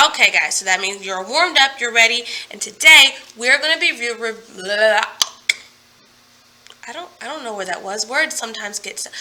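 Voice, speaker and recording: A young woman teaching an online phonics lesson, upbeat and playful, stretching out words slowly and clearly. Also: fairly high pitch, pushed and bright. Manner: upbeat, playful, slow and emphatic.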